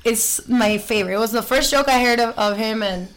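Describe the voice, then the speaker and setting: A woman from Miami with a Miami accent, a podcast guest chatting casually, telling animated stories, acting out voices and slipping into Spanish. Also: fairly high pitch, brisk, low-quality recording. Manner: animated storytelling, acts out voices, switches into Spanish. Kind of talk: casual chat.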